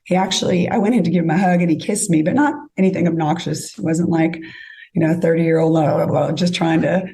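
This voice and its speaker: Woman guest, warm low voice with vocal fry, casual storyteller. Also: fast. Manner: chatty, acts out both sides of conversations.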